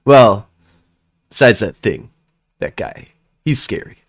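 A man's voice: on the low side, big pitch swings, slow pace, no room sound, studio quality, full character voice. A man voicing a boastful little boy who brags and threatens to protect his sister. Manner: brash, bragging.

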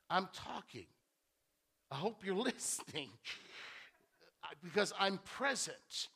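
A man's voice: high voice, very animated, extremely slow, pauses often, bright, forceful tone, husky. A male pastor preaching a sermon in a church, talking conversationally and repeating key phrases for emphasis.

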